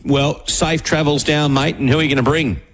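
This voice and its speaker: Upbeat Australian radio host. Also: male voice, a little high, fairly even intonation, fairly quick, fairly bright tone. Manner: matey, upbeat banter with callers. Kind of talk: lively radio giveaway chat.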